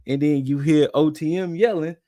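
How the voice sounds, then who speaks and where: A man's voice: a little high, moderate pace, mellow, no room sound. A young adult man co-hosting a podcast, casually recapping events in a loose, conversational way and acting out quotes in passing. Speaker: podcast co-host recapping wrestling.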